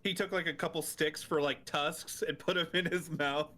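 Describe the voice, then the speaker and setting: A man's voice: on the high side, fairly even intonation, moderate pace, pushed and bright. A man running a tabletop game as dungeon master, laughing often and restarting his sentences. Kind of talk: narrating a tabletop game over voice chat.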